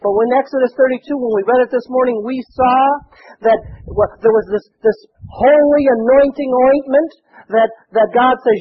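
A man's voice: very high voice, steady tone, normal speed. Man, pastor, sermon, scripture quotes, faint hiss behind. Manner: preaching with rising fervor, quoting scripture. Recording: tinny phone-like broadcast with faint noise.

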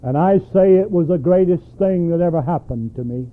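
A preacher delivers an emphatic sermon, often throwing questions back to his listeners. His voice sits high for a man. The recording is thin and tinny, like an old tape played down a phone line. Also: a little fast. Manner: emphatic, asks the congregation questions.

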